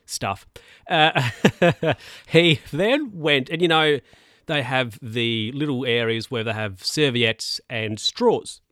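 A man's voice: mid-range voice, a bit bright, no echo, studio quality. A man in a casual monologue, rambling through anecdotes in a chatty way and laughing at his own stories.

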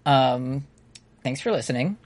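A jokey podcast co-host reading out a long list of names and laughing along the way. The pitch moves around a lot, and the voice sounds close and dry, with no room echo. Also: animated, a little slow. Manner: jokey, laughs often, rattles off long name lists. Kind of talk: casual podcast outro.

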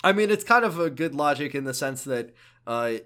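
Male podcast co-host, higher voice, excitable and gushing, stammers and restarts a lot. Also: normal speed, clear, resonant tone. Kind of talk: casual game recap chat.

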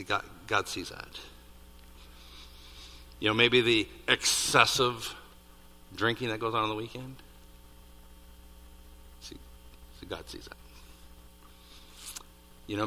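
A man preaching a sermon, building to loud peaks on key points and dropping to hushed asides. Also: on the low side. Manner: animated, rising to near-shouts on emphasis, dropping to hushed asides. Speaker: pastor. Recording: reverberant hall.

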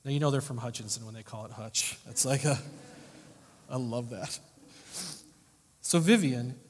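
A man preaching a sermon as pastor, earnest and emphatic, often rising and falling sharply in loudness. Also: medium pitch, moderate pace, pauses often. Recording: long hall reverb.

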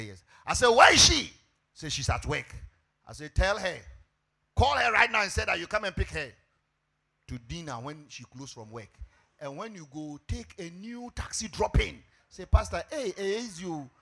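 A high-pitched Ghanaian pastor preaching with wide, swooping intonation and bursts of shouting. His voice is husky and bright, with a gravelly edge. He tells his sermon as an animated story.

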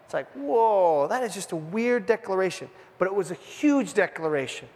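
A man preaching a sermon as pastor, in an animated, informal way with jokey asides. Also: high voice, moderate pace, long reverb tail. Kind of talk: conversational sermon. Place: church sanctuary.

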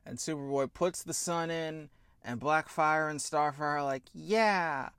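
A man's voice: on the high side, fairly even intonation, normal speed, a bit bright, clean tone, no room sound, studio quality. A man hosting a show, ranting through a TV review with exasperated, profane sarcasm. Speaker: show host.

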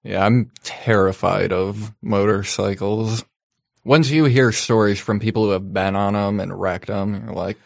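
A man with a lowish voice rambles through a casual podcast chat, full of fillers and jokes. He sounds close and dry on the mic. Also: fairly even intonation, measured pace, vocal fry, dry recording. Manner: rambling, loose, joking with frequent fillers.

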